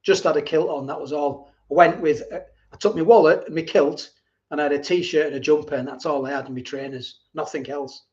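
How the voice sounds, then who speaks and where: This livestream host, a middle-aged man, speaks briskly with a high-leaning voice that's steady and darkish in tone. He chats casually through viewer comments, rambling and repeating himself, over dull lo-fi stream audio.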